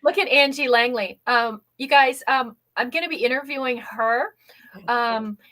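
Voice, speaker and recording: Female live-stream host, slightly high voice, energetic and chatty, checks in with the audience constantly. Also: a little slow. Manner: chatty, energetic, keeps saying "okay?". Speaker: workshop host. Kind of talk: live-stream workshop talk.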